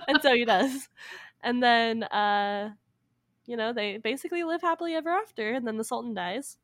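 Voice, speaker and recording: A woman's voice: on the high side, lively intonation, no echo. A young woman casually retelling a folk tale to a friend, laughing often and briefly voicing the characters. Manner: laughs often, acts out characters with quick voices. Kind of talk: casual storytelling chat.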